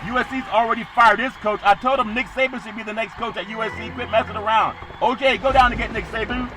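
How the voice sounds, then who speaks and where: High-voiced excitable male sports host. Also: quick pace, rough recording. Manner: excitable, loud bursts of emphasis. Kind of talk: college football preview commentary.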